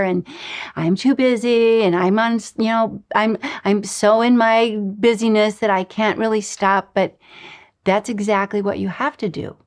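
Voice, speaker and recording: A middle-aged woman teaches a spiritual lesson in her own voice, her pitch sitting in a plain middle range. She tells personal stories with animation, acting out the lines of each person in them. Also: measured pace. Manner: animated storyteller, acts out dialogue.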